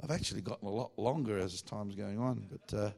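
A man's voice: on the low side, fairly quick, gravelly, a little mellow. A man preaching a sermon at a church meeting with an audience. He speaks in a chatty, self-mocking way, full of joking asides.

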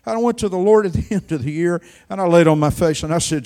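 Older preacher, high voice, dramatic. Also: male voice, fast talker, hardly any pauses. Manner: dramatic storytelling with sharp swings in loudness. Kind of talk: sermon.

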